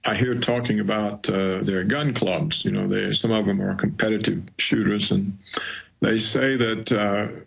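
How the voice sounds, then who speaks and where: An older man, a guest speaking over a video call, slow and hesitant with many fillers. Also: lowish voice, creaky, fairly bright tone, husky, poor audio.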